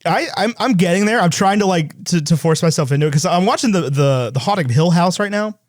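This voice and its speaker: A man co-hosting a movie podcast in casual chat, rambling quickly and laughing as he tells stories. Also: sits high, animated, no echo, clean studio sound. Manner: fast, rambling, laughs while telling stories. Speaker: podcast co-host.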